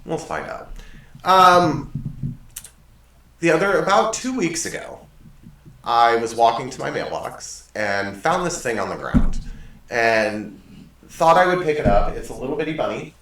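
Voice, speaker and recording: A man's voice: mid-range voice, sing-song, measured pace, pauses often, fairly bright tone, slight background noise. Male show host, chatty and rambling, voice jumps around a lot, mic a bit far off. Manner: rambling, self-correcting, self-deprecating. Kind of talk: casual monologue storytelling. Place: desk in a home studio. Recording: echoey room, mic at a distance.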